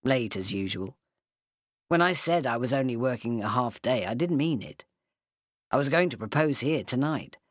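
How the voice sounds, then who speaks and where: A woman reading a story, voicing a soft, earnest young man in love. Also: extremely low pitch, animated, normal speed, no room sound, clean studio sound.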